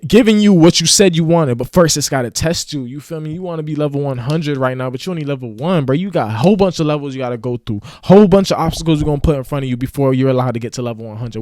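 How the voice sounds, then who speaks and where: A man's voice: medium pitch, darkish tone, no echo, studio quality. A man giving a casual motivational rant to camera, slangy and preachy, now and then acting out mocking voices. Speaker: motivational vlogger.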